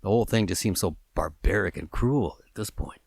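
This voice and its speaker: A man telling an improvised story in a halting, earnest way with many restarts. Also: low voice, gravelly, a little mellow, husky, dry recording, clean studio sound.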